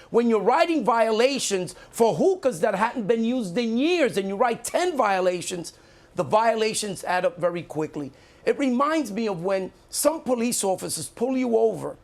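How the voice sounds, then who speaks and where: An indignant man defends himself in a live studio debate. His voice has a gravelly, creaky edge and he leans hard on his points, repeating them for weight. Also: high voice. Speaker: mayoral candidate.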